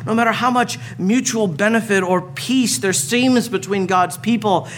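High-voiced man preaching a sermon. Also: moderate pace, a bit bright, a little hiss or hum. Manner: earnest preaching with storytelling asides. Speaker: pastor.

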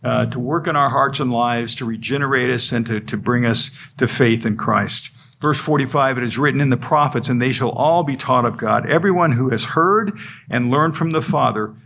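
A man's voice: mid-range voice, moderate pace, vocal fry, a bit bright. A man preaching an expository sermon, earnest and emphatic, driving points home through repetition. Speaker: pastor.

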